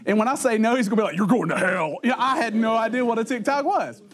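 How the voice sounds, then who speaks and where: A fast-talking middle-aged youth pastor with an extremely high-pitched voice shares humorous tales with teenagers. He's lively, frequently laughing mid-sentence and acting out people's words.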